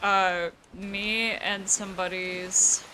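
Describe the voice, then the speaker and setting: A young East Coast American streamer chats with her audience during a game, laughing frequently and swearing without much thought. She talks very slowly in a mid-range voice with little pitch movement, against a noisy background.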